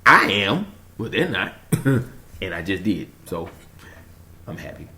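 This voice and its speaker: A man rambling through a casual vlog monologue, telling a story in an animated way, chuckling and trailing off while he searches for words. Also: low-pitched, slow, a little hiss or hum. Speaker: conspiracy vlogger.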